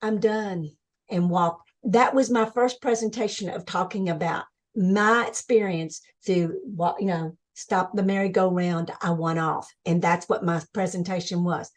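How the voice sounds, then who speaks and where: A woman speaking as a webinar guest, telling her spiritual experiences with excited energy, restarting sentences as her thoughts rush ahead. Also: on the low side, normal speed, few pauses. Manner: enthusiastic, spiritual, talks in bursts with restarts. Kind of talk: excited personal storytelling.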